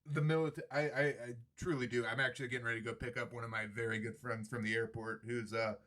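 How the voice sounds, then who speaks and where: A man's voice: mid-range voice, level tone, quick pace, fairly bright tone. A man hosting a daily show, giving a sarcastic, profane political monologue and slipping into mock voices. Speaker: podcast host.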